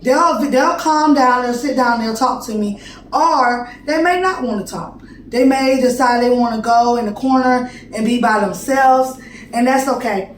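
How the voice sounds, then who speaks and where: A woman's voice: fairly high pitch, unhurried, a little hiss or hum. A woman who teaches preschool, giving a recorded class presentation in an informal, conversational way. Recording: echoey room, distant mic.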